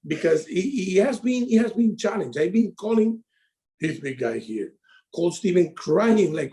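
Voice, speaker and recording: A middle-aged man with a Latino accent telling his story on a call, animated and in broken English. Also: high voice, unhurried. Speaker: insurance advisor. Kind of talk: casual call talk.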